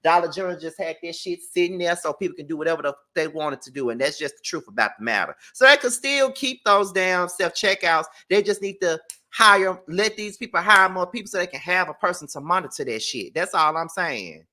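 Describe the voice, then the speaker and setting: A man's voice: high voice, lively intonation, a little fast, pushed and bright. A man hosting a casual commentary show, ranting bluntly and emphatically with plenty of profanity. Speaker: commentary channel host.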